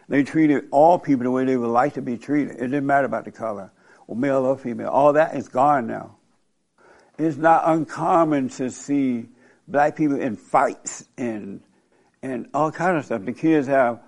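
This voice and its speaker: A man's voice: medium pitch, gravelly. An older man hosting a talk show, talking bluntly in a rambling storytelling way and often breaking into laughter. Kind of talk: casual opinionated talk.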